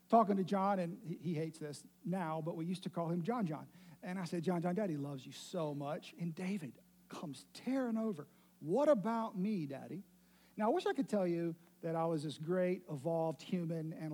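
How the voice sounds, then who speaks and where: A middle-aged pastor giving a sermon, telling family stories with self-deprecating humor. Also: male voice, high voice, warm tone, husky.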